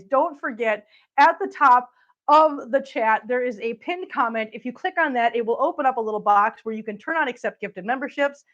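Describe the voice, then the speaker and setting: A woman's voice: sits high, fairly bright tone. A woman hosting a casual livestream, chatting with viewers and cooing baby talk at her cats. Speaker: channel host. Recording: dull lo-fi sound.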